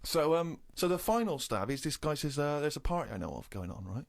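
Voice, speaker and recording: Fast-talking English man telling a story. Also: fairly high pitch, vocal fry. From England. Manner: animated storytelling, rising indignation. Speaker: co-host telling an anecdote. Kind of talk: casual comedy podcast chat.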